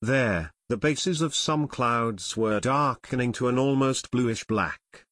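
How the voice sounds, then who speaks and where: A man narrating a children's mystery audiobook in measured storytelling. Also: medium pitch, a bit bright, no echo, clean studio sound. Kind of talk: scripted narration.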